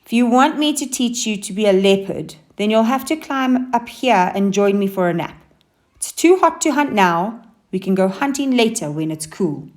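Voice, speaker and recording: A woman's voice: medium pitch, animated, normal speed, voice pushed up, natural voice. A woman voicing a lazy, sleepy male leopard in a storybook reading, growling and drowsy.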